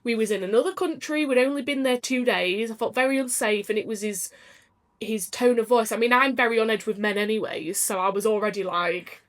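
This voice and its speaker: A woman speaks as a podcast guest in an open, candid way. She is chatty and emotional and laughs often. Her voice sits somewhat high. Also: brisk. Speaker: podcast guest, business owner. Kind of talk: candid casual chat.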